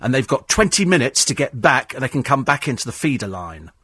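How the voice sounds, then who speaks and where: Sarcastic bloke on talk radio, mid pitch, dead dry studio mic, picks fights with listeners. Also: male voice, big pitch swings, a little fast, pushed and bright, slightly rough, dry recording. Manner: combative, mocking, sarcastic. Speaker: radio phone-in host. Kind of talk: talk radio monologue reading listener texts. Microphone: studio microphone.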